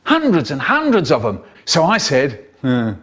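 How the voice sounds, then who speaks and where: Animated older male storyteller, lively pitch. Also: husky. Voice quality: expressive, voices the characters with big pitch jumps. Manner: animated, theatrical, drawn-out words for effect. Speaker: storyteller in a spliced comedy edit. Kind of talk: children's story reading, cut and spliced.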